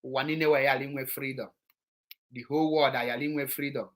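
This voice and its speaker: A man's voice: medium pitch, fairly even intonation, fairly quick. A man with a Nigerian Igbo accent giving an impassioned political monologue, scolding his listeners and switching between English and Igbo. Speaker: political commentator.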